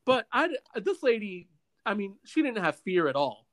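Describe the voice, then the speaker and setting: A man hosting a podcast, telling a long story in a casual, animated way with many stammers and restarts. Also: high-pitched, moderate pace. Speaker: podcast host.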